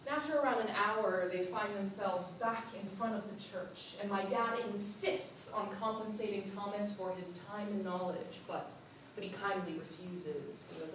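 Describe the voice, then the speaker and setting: A young woman performs a spooky personal story as a theatrical monologue. Her delivery is playful and animated, with frequent laughter. The voice is distant from the mic and wrapped in heavy hall echo over faint ambience. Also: medium pitch, moderate pace, hardly any pauses, noisy background. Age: young adult. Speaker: student performer. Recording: echoey hall from far off.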